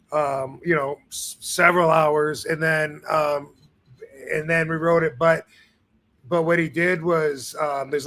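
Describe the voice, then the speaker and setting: Male host, casual rambling chat, bright and slightly high voice. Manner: laid-back, rambling with many fillers and restarts. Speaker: show host. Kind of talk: casual live-stream chat.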